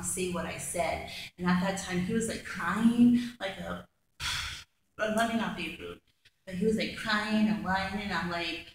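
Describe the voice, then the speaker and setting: A woman vlogger chats through a story, exasperated and full of fillers. Her low voice is gravelly with fry. The room around her rings with heavy echo. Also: fairly bright tone. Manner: chatty, exasperated retelling with many fillers. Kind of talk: casual storytime vlog. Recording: very echoey room with faint background noise.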